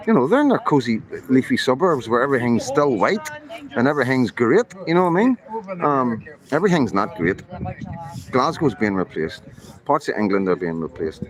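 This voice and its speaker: A man's voice: medium pitch, rough recording. A man in his fifties, livestreaming while walking a city street at night, talking in an impassioned, rambling way with swearing and many fillers. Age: 50s. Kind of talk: live street vlog. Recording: outdoor street crowd noise.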